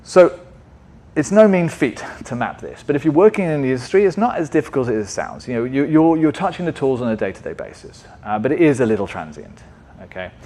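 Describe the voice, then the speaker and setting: A man's voice: mid-range voice, big pitch swings, brisk, warm tone. A man presenting at a tech meetup in a conversational way, often checking in with the audience. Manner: conversational, asks frequent "right?" checks. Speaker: conference speaker.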